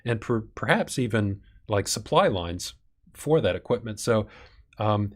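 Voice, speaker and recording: Low-voiced man hosting a live Q&A. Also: lively intonation, measured pace. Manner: reads viewer questions, thinks aloud with fillers. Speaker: channel host. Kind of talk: live stream Q&A.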